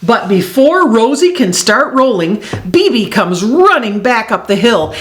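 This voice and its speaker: A woman reading a children's animal story aloud in an expressive, sing-song way. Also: fairly high pitch, a little slow, hardly any pauses.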